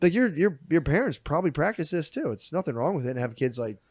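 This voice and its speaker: A man's voice: a little high, sing-song, quick pace, dry recording, studio quality. A man co-hosting a comedy podcast in casual chat, joking, laughing often and acting out voices in his stories. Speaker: podcast co-host.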